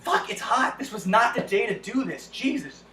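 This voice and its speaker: A man in a comedic book-summary vlog, sarcastic and exasperated, swearing freely as he rushes through the plot. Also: high voice, very animated, sharp tone, echoey room, rough recording.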